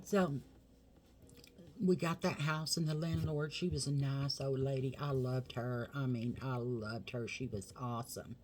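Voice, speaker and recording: A woman's voice: very deep voice, fairly even intonation, measured pace, darkish tone, slight background noise. A middle-aged woman chatting to camera at home, telling a rambling family story and thanking viewers affectionately. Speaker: makeup vlogger. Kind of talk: casual chat to camera.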